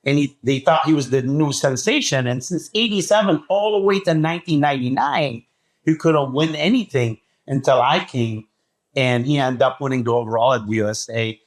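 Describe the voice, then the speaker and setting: A man telling a story as a podcast guest, talking excitedly and acting out what people said. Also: medium pitch, moderate pace. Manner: acts out quoted dialogue, excitable. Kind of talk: animated storytelling.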